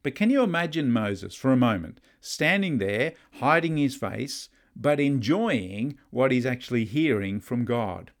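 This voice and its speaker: Middle-aged preacher, mid-pitched, chatty, witty asides. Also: male voice, lively intonation, a little slow, few pauses. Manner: conversational, storytelling, humorous asides. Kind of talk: sermon.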